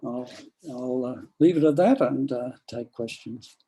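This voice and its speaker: A man's voice: medium pitch, measured pace, dark tone, slightly rough, rough recording. A man giving an academic seminar talk, rambling with frequent restarts and fillers. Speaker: lecturer.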